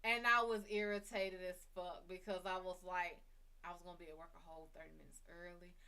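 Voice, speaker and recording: A woman's voice: fairly low pitch, fairly quick. A woman hosting her own psychic reading show, telling a personal story in a blunt, casual way with plenty of cursing. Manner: blunt, heavy cursing, lively retelling. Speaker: psychic reader and show host.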